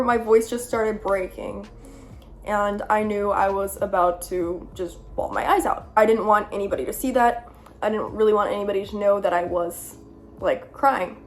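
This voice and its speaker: A young woman telling a personal story to the camera in a chatty, earnest way, full of fillers. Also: medium pitch. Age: young adult. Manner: chatty, lots of "like", earnest and self-conscious. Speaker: vlogger. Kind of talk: storytime vlog.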